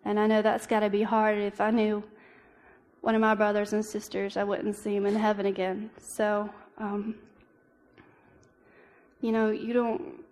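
A young woman giving an earnest personal testimony as a church devotional, halting often with ums and restarts. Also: mid-range voice, completely flat delivery, darkish tone. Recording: long reverb of a hall.

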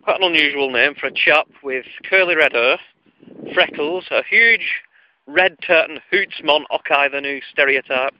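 A man's voice: fairly high pitch, normal speed, a little hiss or hum. A man telling a comic story from his childhood in a wry, digressive, self-mocking way, on a lo-fi recording.

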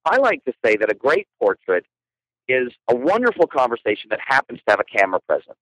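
A playful man from Canada tells anecdotes as a podcast guest, his pitch leaping around as he gets into the story. The recording is close and dry, with no room sound. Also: quick pace, dry recording, low-quality recording. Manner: animated, playful, frequent laughter. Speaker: guest photographer.

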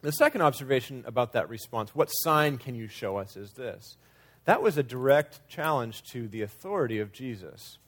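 A man's voice: mid-range voice, lively intonation, moderate pace, hardly any pauses, a bit bright. A man preaching a sermon in a conversational way, sometimes acting out quoted lines with changing emphasis. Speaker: pastor.

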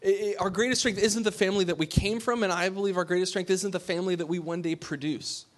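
Male preacher, informal sermon style, fairly high voice, blunt and chatty, restarts a lot. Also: fairly even intonation, quick pace. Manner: frank, informal, with many restarts. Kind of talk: conversational sermon. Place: room with a small congregation.

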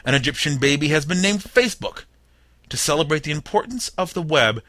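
A man's voice: on the high side, animated, brisk, sharp tone. A young man hosting a comedy news roundup, reading headlines with wry, jokey asides and putting on mock-dramatic voices for the people in the stories. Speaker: podcast host.

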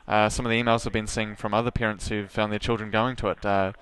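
A man, interviewing in a hesitant, gentle way with many "um"s and "sort of"s. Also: fairly low pitch, flat delivery, fast talker, smooth. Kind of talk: casual interview chat.

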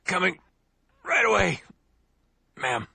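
A man's voice: high-pitched, sing-song, slow pace, sharp tone, no room sound, exaggerated voice. An actor playing a flustered male character who talks to himself about wine in a theatrical way. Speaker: game character. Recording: game clip with clear background noise.

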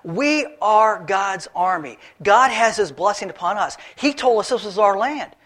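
A man's voice: high-pitched, a little slow, pitched above the performer's own voice, full character voice. A man voicing David, an eager young shepherd boy, rallying the soldiers in a preached story. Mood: fired up. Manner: excited, rallying.

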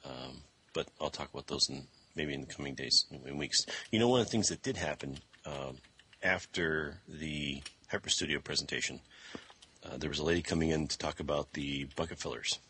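A man's voice: rumbling low, fairly quick, pushed and bright, husky. A man co-hosting an education podcast, chatting casually and rambling with fillers and restarts. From Michigan, US. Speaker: podcast co-host. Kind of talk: casual chat. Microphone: desk microphone.

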